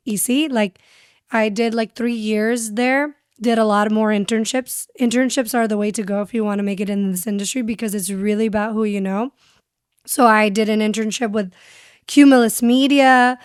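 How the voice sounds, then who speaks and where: A woman's voice: fairly high pitch, fairly even intonation, moderate pace, clear, resonant tone, dry recording, clean studio sound. A young woman speaking as a podcast guest and radio host, telling her story candidly and switching between English and Spanish. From San Diego. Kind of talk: casual interview chat.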